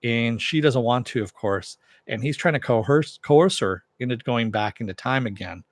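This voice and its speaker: A man's voice: medium pitch, moderate pace, no room sound, studio quality. A man casually recapping and reviewing a TV episode, rambling with frequent "uh" and "you know" fillers.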